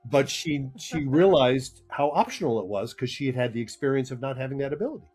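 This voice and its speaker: Husky-voiced male therapist explaining. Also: medium pitch, a little fast, a little mellow, soft background music. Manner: earnest, laughs between points. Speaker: therapist guest. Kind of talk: conversational explaining.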